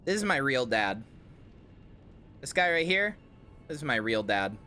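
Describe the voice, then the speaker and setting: A male game streamer chatting casually and playfully with his viewers, rambling from thought to thought. His voice is bright and animated, with a wide swing in pitch, and faint game music plays underneath. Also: a little slow. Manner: playful, rambling, talks to chat. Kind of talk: casual livestream commentary.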